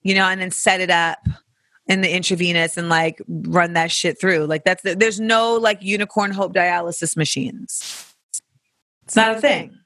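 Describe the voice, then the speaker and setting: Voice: medium pitch, fairly even intonation, normal speed, sharp tone, no room sound. A podcast host, talking casually and candidly, with profanity and playful tangents while answering listener questions. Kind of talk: casual reflective chat.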